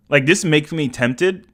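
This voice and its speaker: A young man hosting a live stream, excitable and stammering, swinging between shouts and mumbles. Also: fairly high pitch. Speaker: livestream host. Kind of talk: casual live stream chat.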